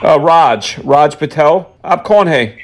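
Guy prank calling, high voice, teasing and mocking, tosses in hindi words. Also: animated, slow pace. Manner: mocking, taunting, slips into Hindi phrases. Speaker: prank caller. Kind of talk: prank phone call.

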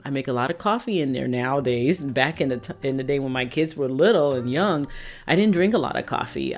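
An older woman chatting casually through a scrapbooking process video, rambling and often laughing at herself. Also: rumbling low. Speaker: scrapbooking vlogger. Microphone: phone camera. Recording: soft background music.

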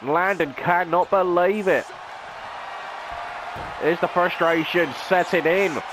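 A man's voice: high-pitched, takes it slowly, a crowd in the background, background noise. A man, a gaming channel host, calling a video game wrestling match play-by-play in a dramatic announcer style with rhetorical questions.

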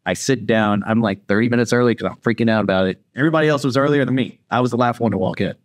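A man's voice: medium pitch, rapid-fire, dry recording, clean studio sound. A man on a podcast telling a story casually, acting out the voices of the people in it. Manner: animated, acts out quoted voices. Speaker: podcast guest.

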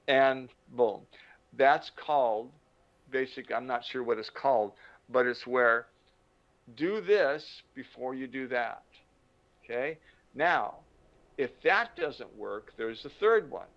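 Gravelly older man telling teaching stories. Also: medium pitch, slow. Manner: animated storyteller, acts out quotes. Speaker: motivational speaker. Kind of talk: conversational teaching with anecdotes. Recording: dull lo-fi recording.

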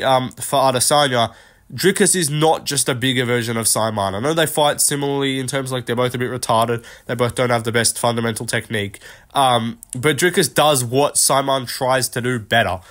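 A man's voice: medium pitch, a bit bright. A young man hosting an unscripted fight-prediction vlog, rambling through his picks with lots of fillers and casual swearing. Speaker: MMA predictions host.

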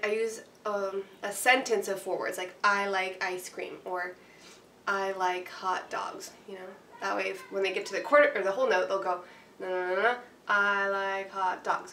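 A woman's voice: mid-range voice, fairly even intonation, fairly quick, fairly bright tone, a little hiss or hum. Chatty woman teacher in a roomy room. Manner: chatty, rambling, with fillers and checks like "right?". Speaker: piano teacher. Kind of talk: casual instructional walkthrough. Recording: roomy, distant mic with faint ambience.

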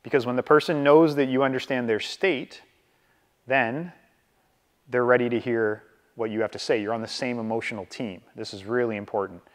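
A man's voice: medium pitch, moderate pace. Man teaching in an echoey hall. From Canada. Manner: lively, acts out dialogue, keeps checking with "right?". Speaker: real estate trainer. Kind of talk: casual training talk to a room. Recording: reverberant hall from a distance.

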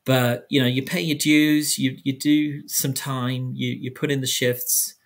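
A man's voice: medium pitch, level tone, measured pace. A man from South London, his accent blended with American, answering interview questions in a chatty, rambling way with many restarts. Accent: South London English mixed with American. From South London, England. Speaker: guest historian.

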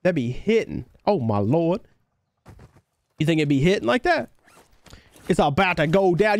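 A man's voice: high voice, big pitch swings, a little fast, no echo. A man streaming a game live, chatting casually and thanking viewers by name. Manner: laid-back, thanks viewers by name, calls them brother. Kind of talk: casual gaming livestream chat.

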